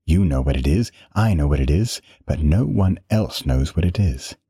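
A man's voice: rumbling low, animated, dark tone, slightly rough, no echo, studio quality, exaggerated voice. A man voicing a mocking, menacing tormentor who talks in a snide, uppity way while reading a story aloud. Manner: sneering, snarky, drawn-out threats.

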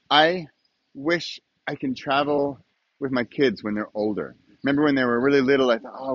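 A man's voice: fairly high pitch, dry recording, muffled recording. A middle-aged man hosting his own podcast in a casual solo monologue, chatty and often asking the listener questions. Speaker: podcast host.

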